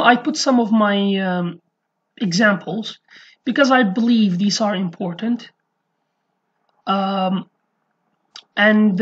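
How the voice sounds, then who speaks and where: A woman from Iraqi Kurdistan who speaks natively, teaching an online language lesson in English. She explains haltingly, with frequent fillers, and repeats her example phrases. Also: medium pitch, muffled recording. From Iraqi Kurdistan, Slemani.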